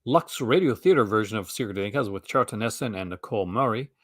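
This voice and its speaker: A Canadian man with a slightly low-pitched voice hosts a loose, casual chat. He rambles along, stumbling over his words and restarting his sentences often. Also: animated, fast talker, fairly bright tone, no echo, clean studio sound. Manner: rambling, stammering, with frequent restarts and laughs. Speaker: host.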